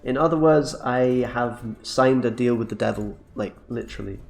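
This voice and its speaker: A man's voice: mid-range voice, moderate pace, creaky, darkish tone, soft background music. A man giving casual, jokey commentary while playing a card game, laid-back and slangy, laughing often.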